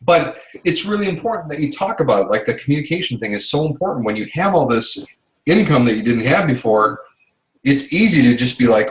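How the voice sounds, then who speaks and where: A man's voice: mid-range voice, sing-song, brisk, echoey room, rough recording. A middle-aged man talking casually and chattily, rambling with many fillers and restarts and acting out little quoted exchanges. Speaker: business coach's husband sharing tips. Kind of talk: casual talk to an online audience.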